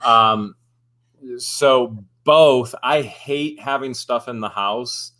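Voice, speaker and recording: Bright-voiced man telling a loose story. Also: medium pitch, extremely slow. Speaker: guest. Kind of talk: casual chat.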